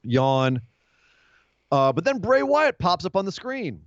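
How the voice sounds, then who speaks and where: A man co-hosts a casual wrestling podcast and recounts the show with lively, animated storytelling. His voice sits a little high. The sound is dry and muffled, like a lo-fi mic. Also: moderate pace, no room sound. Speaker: podcast co-host.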